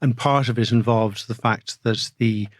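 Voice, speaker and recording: A barrister co-hosting a legal podcast in a studio explains cases in casual chat, hesitant and stammering with frequent restarts. His medium-pitched voice stays steady at a normal speed, and the recording is dry.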